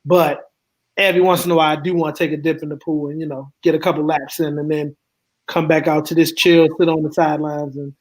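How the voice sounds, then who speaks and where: A man's voice: a little high, little pitch movement, fast, poor audio. A laid-back man from the US East Coast, chatting casually as a roundtable guest in a slangy, rambling way. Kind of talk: casual chat.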